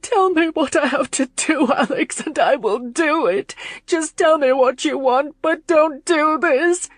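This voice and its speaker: A woman's voice: a little high, flat delivery, measured pace, no room sound, studio quality, voice pushed up. A woman reader voicing a distraught young noblewoman who sobs and pleads in a raised, tearful voice, in a storybook reading. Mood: distraught pleading.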